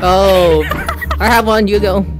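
A woman playing a social VR game, chatting casually, excitable and often shrieking and laughing. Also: mid-range voice, slow pace, music in the background. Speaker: VRChat player. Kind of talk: casual gaming chat.

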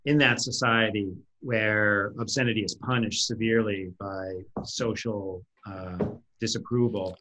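A man's voice: on the low side, fairly even intonation, a little slow, hardly any pauses, pushed and bright, poor audio. A man speaking as a guest on a podcast, explaining his ideas in an articulate, thoughtful way. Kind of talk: casual conversational discussion.

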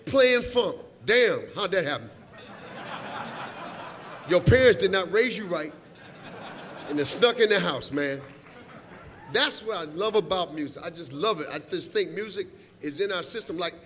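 Middle-aged guy doing loose stand-up bits at an awards show, high voice, teasing the band, rambles all over. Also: a bit bright. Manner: playful, rambling, teasing the musicians directly. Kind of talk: comedic stand-up riffing from the stage. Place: large awards hall, live audience.

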